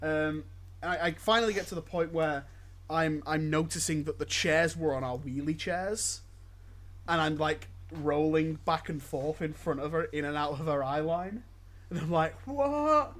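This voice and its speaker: A man's voice: a little high, fairly even intonation, normal speed, fairly bright tone. A man hosting a podcast, telling a story casually with lots of stammered restarts. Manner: stammering restarts, laughs often. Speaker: podcast host.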